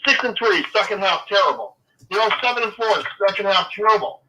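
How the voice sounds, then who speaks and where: A man's voice: high-pitched, expressive, brisk, bright, forceful tone, low-quality recording. A man talking football as a guest, ranting in a fired-up way, swearing and then apologizing. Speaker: guest fan. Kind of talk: casual sports chat.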